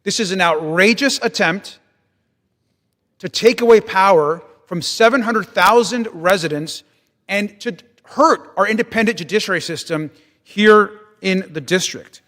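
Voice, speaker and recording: A man speaking in a formal floor debate, arguing forcefully and indignantly. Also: high-pitched, a little slow. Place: large legislative chamber. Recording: long reverb of a large chamber.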